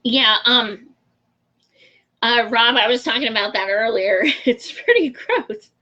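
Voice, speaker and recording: A woman hosting a casual livestream, talking frankly in a slightly high voice and laughing easily. She swears without a second thought and chats with viewers by name. The sound is dull and lo-fi. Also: animated, a little slow, pushed and bright. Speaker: show host. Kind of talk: casual livestream chat answering viewer comments.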